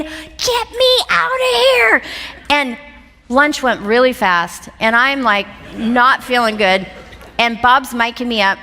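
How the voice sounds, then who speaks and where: A woman giving a motivational seminar talk on stage before a live audience, an animated storyteller who laughs often. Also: medium pitch. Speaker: seminar speaker. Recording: echoey hall.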